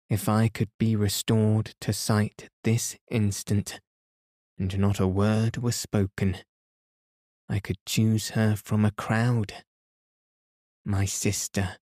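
A man's voice: on the low side, dark tone, no room sound, clean studio sound. A man reading the part of a devoted young blind woman who speaks tenderly and earnestly.

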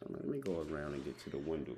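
A man's voice: a bass voice, sing-song, very fast, warm tone, slight background noise. A man hosting a podcast, talking in a loose, slangy way and telling stories with repeated words. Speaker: podcast host. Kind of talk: casual conversation.

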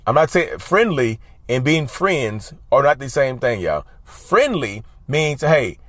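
A man's voice: medium pitch, sing-song, takes it slowly, fairly bright tone, no echo. Emphatic man advising viewers, dry sound. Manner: emphatic, repetitive, often says y'all. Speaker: advice vlogger. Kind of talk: casual talk to camera.

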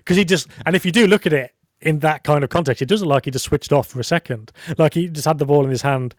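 A man's voice: fairly high pitch, quick pace, no echo, clean studio sound. A man chatting casually on a podcast, rambling and self-deprecating. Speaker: podcast co-host. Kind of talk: casual chat.

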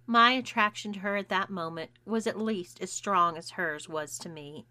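A woman narrating a first-person story in a measured, intimate reading. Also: medium pitch, sharp tone, no echo. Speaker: audiobook narrator.

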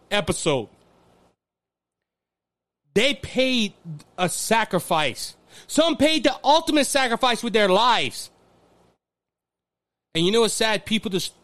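A Louisiana man with a Cajun accent and a strikingly high, bright, tense voice, hosting his own political commentary show. He speaks with raw emotion, climbing to near-shouting, repeating himself and tripping over words as he presses his points. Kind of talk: impassioned political monologue.

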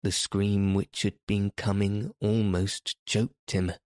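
Male audiobook narrator, very low voice, dry close studio sound. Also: flat delivery, slow pace, no room sound. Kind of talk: scripted narration.

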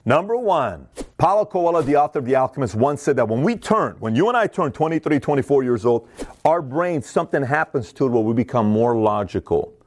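A middle-aged man talks quickly in a motivational monologue, voice of middling pitch. He is energetic and repeats his phrases, and he acts out the voices of people in his stories. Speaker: motivational speaker. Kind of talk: fast motivational monologue to camera.

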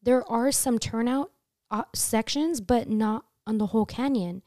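A young woman hosting a casual chat, telling a story in an animated way, swearing freely and jumping high in pitch when she acts out her screams. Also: measured pace, no echo, studio quality. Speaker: podcast host telling a story.

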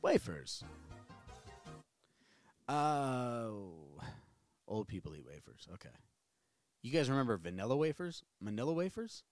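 A man's voice: mid-range voice, very animated, a little slow, pauses often, no room sound, faint music behind. A man in his thirties hosting a solo podcast from his small home studio, rambling and swearing casually with self-mocking jokes. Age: 30s. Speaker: podcast host.

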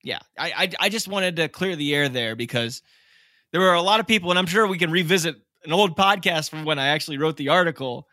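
A man hosting a casual sports podcast, animated and opinionated, laughing often. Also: on the high side, fast, dry recording, clean studio sound. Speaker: podcast host.

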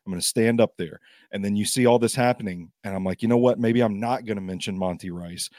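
A man's voice: on the low side, a little fast, darkish tone, no room sound, clean studio sound. A man filling in as guest on a sports podcast, talking in a chatty, self-deprecating way while battling a cough. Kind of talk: casual sports talk.

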